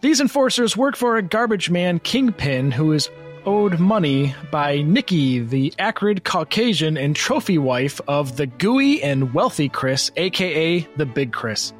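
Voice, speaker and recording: A man reading a silly plot summary aloud to friends, often breaking into laughter as he goes. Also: on the high side. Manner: reads with rising giggles, breaks into laughter.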